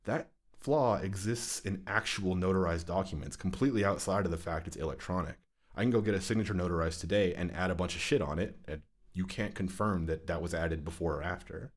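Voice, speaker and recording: A young podcast co-host rants in casual chat, telling exasperated stories laced with plenty of swearing. He has a deep voice and talks fairly quickly.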